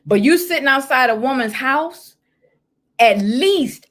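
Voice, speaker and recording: This host and life coach has a high voice and an unhurried delivery as she reads listener confessions in a casual chat. Sassy and animated, she talks directly to whoever's listening.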